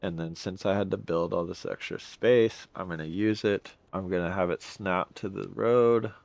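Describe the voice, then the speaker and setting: A man's voice: low voice, fairly even intonation, normal speed, vocal fry, darkish tone, no echo, muffled recording. A young man giving casual gameplay commentary, rambling and complaining in exasperation as he plays.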